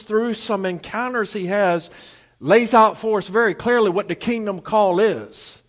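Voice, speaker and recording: A man preaching a sermon as pastor, telling a folksy joke and then reading scripture with drawn-out emphatic phrasing. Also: high-pitched. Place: church service streamed to homes.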